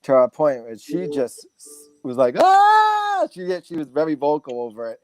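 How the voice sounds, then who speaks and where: A man's voice: mid-range voice, normal speed, no echo, faint music behind. Rambling man sharing stories, dry sound. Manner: relaxed, rambling with many fillers and restarts. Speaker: guest speaker, massage therapist. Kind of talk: casual storytelling interview.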